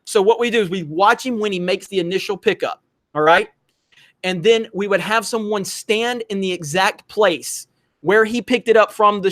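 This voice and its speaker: High-voiced man telling stories on stream. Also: a bit bright. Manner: profane, storytelling, reads out viewer messages. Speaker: livestream host. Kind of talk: casual livestream chat.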